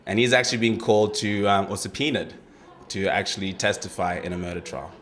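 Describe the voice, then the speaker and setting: A man introducing his audition piece as a talent show contestant, in a relaxed, explanatory way. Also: lowish voice, brisk.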